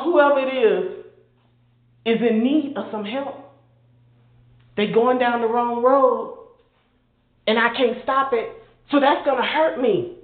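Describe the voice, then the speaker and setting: An older woman preaches in a high voice, impassioned and conversational. The sound is thin and phone-like, with a roomy echo around her. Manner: impassioned, conversational, mimics others in mocking asides. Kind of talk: informal sermon. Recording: phone-quality audio in an echoey room.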